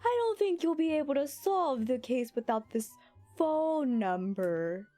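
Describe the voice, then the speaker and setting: Woman streamer, game chat, lively pitch, swears a lot, game music low behind. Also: unhurried. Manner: playful, swears freely, reads game lines aloud.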